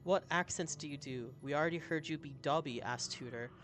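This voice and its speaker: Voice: medium pitch, brisk. Brief: friendly live streamer talking through a game, casual and upbeat, faint music in the background. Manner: chatty, upbeat, reads chat aloud. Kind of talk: live gameplay commentary.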